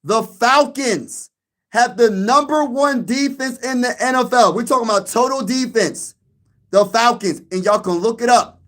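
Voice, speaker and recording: High-voiced chatty sports channel host. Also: male voice, a little slow, fairly bright tone. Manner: chatty, repeats phrases, laughs at own jokes. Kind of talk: casual sports vlog chat.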